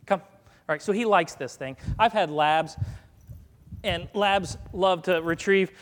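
High-voiced man preaching in a reverberant hall. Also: unhurried, fairly bright tone. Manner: chatty, folksy, gives dog commands mid-sermon. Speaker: guest preacher. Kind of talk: conversational sermon with live dog demonstration. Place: church sanctuary.

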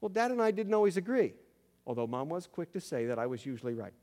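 A man's voice: on the high side, fast. Preaching man in a reverberant sanctuary. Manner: animated storytelling, swings between loud emphasis and quiet asides. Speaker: pastor. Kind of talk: sermon. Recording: long hall reverb.

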